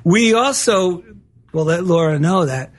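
A man with a New Jersey accent co-hosts a talk show in a casual, rambling way. His voice sits slightly high for a man, and he often repeats words as he goes. He laughs easily between remarks. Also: animated, measured pace. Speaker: co-host. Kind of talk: casual chat.

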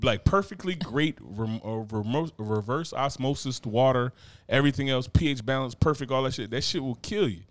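A man's voice: medium pitch, normal speed, no room sound. A man co-hosting a podcast in casual chat, blunt and profane, mimicking people for laughs. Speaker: podcast co-host.

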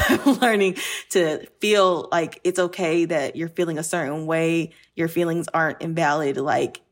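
A woman recruiter talking candidly and reflectively in a casual podcast conversation, with many fillers. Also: low-pitched.

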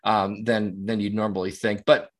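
A man's voice: on the low side, level tone, moderate pace. A man in casual podcast talk, meandering and profane. He trips over his own starts and circles back to his points. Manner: rambling, profane, many restarts. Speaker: podcast co-host.

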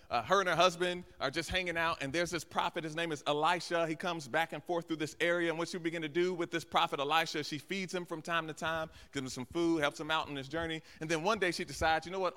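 Bright-voiced preacher in a reverberant church. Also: male voice, fairly high pitch. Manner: preaching with acted-out asides and call-outs to the congregation. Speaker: guest pastor. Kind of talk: sermon. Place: large church sanctuary. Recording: long hall reverb.

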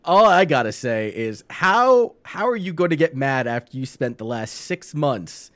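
A man from Long Island co-hosting a podcast, talking casually with swearing and halting restarts. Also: fairly high pitch, very animated, fairly bright tone. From Long Island, New York. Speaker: podcast co-host. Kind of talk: casual chat.

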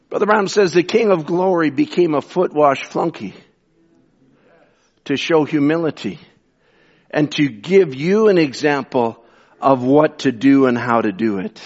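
Fervent high-voiced preacher, muffled recording. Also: male voice, measured pace. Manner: swings from fervent shouting to hushed asides; repeats phrases for emphasis. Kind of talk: impassioned sermon. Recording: dull lo-fi sound.

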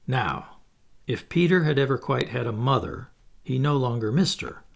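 A man narrating a classic storybook in a measured, expressive reading. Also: medium pitch, creaky. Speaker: audiobook narrator.

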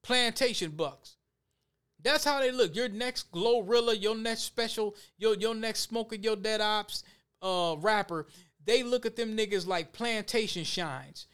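A man's voice: sits high, unhurried, fairly bright tone, smooth. A man reading news aloud and breaking in with heated, emphatic, repetitive commentary to his viewers. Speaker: commentary vlogger.

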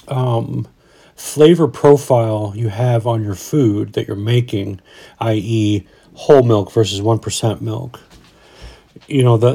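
A Colorado man in his forties hosts a podcast, his mid-range voice warm as he chats casually. He rambles in a folksy way and keeps restarting his sentences.

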